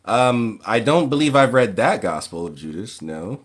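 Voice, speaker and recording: A man hosting a casual livestream Q&A who reads viewers' questions aloud and answers in a relaxed, plain way. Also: lowish voice, moderate pace. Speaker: occult livestream host.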